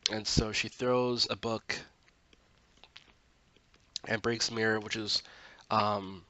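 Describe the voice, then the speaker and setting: A man's voice: lowish voice, flat delivery, takes it slowly, sharp tone. A man casually recapping a TV episode, rambling with lots of 'like' and 'um' and frequent self-corrections.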